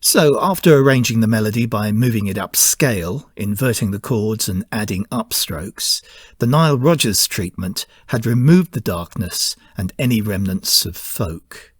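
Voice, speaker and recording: A man hosting a music podcast, reading scripted narration in a measured, informative way. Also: on the low side, lively intonation, breathy edge, no echo, clean studio sound. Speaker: podcast host.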